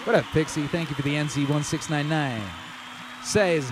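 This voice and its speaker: A hyped, profane man hosts a music livestream at a quick pace over a noisy background, casually chatting and reading viewer comments, swinging from shouted shout-outs to low murmurs.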